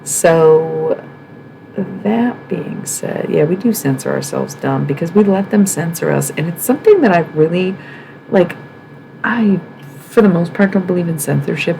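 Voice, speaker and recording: Woman streamer from the Midwest, low voice, frank and emphatic, casual monologue. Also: creaky, noisy background. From American Midwest. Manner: frank and emphatic, swearing, rhetorical questions. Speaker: livestream host.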